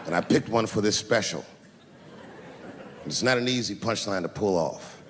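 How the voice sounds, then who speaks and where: A male stand-up comedian telling stories on stage in an animated, profane way. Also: fairly low pitch, moderate pace. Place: live comedy venue. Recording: reverberant hall with noisy ambience.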